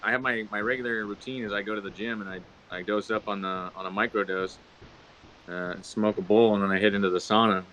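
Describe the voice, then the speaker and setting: A young man hosting a podcast, telling a story in a relaxed, rambling way with lots of fillers. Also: fairly low pitch, quick pace, a little hiss or hum. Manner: laid-back rambling with many fillers. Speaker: podcast host. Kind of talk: casual storytelling chat.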